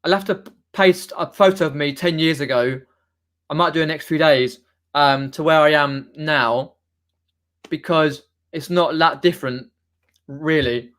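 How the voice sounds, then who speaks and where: This young adult male has a Mockney accent and comes from near London in southern England. His voice sits a little high with some brightness as he chats loosely on a live stream, going through viewer comments and rambling, often starting over.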